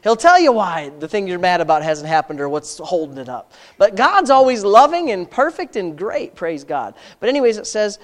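Folksy, impassioned preacher: talky asides, rhetorical questions, loud emphatic climaxes. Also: medium pitch, sing-song, moderate pace, few pauses. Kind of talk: sermon.

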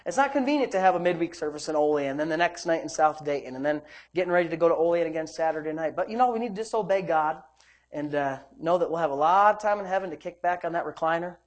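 A man's voice: fairly high pitch, lively intonation, fast talker. A man preaching a sermon as pastor, fervent and exclaiming praise between verses.

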